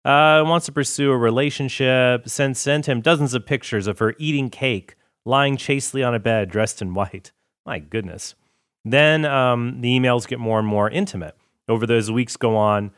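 A podcast host talks casually through his show, tossing in asides and brief mock voices. His mid-range voice is clear, resonant, and fairly bright, at a moderate pace. The recording is dry with clean studio sound.

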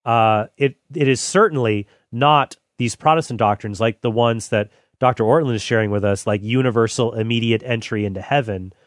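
A man reading old church writings aloud and commenting on them in a measured, deliberate way. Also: medium pitch, no room sound, clean studio sound. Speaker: Catholic apologist host.

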